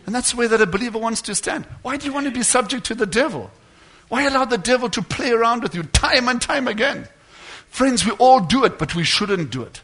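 A man preaching a sermon, fervent and building to loud exhortation. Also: very high-pitched, lively intonation, fairly quick, slightly rough.

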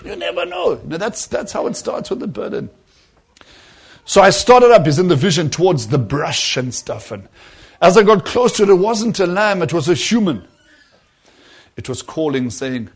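A man preaching a sermon, telling a story and calling his listeners friends, dropping to a hush and rising to emphasis by turns. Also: high-pitched, very animated, normal speed, breathy edge. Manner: swings between hushed and emphatic, addresses listeners as friends.

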